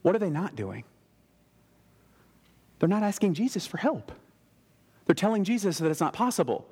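A male pastor delivers an animated sermon and keeps slipping into casual modern voices to act out the people in the story. His voice sits a little higher than most men's. The sound carries the long reverb of a large church hall. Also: moderate pace, husky. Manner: animated, acts out biblical characters in casual modern speech.

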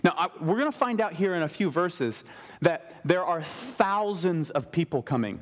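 A male pastor delivers an animated sermon and keeps slipping into casual modern voices to act out the people in the story. His voice sits a little higher than most men's. The sound carries the long reverb of a large church hall. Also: normal speed. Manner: animated, acts out biblical characters in casual modern speech.

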